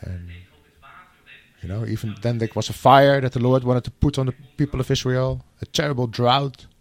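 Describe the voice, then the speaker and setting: Unhurried preacher with a mid-pitched voice. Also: male voice. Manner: unhurried, with frequent "you know" and restarts. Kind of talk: sermon with scripture reading.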